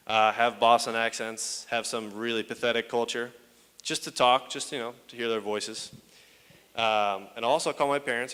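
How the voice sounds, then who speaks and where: A man's voice: mid-range voice, sharp tone, clean tone. A young man doing a stand-up comedy set on stage with crude, self-mocking banter and plenty of swearing. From United States. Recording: echoey hall.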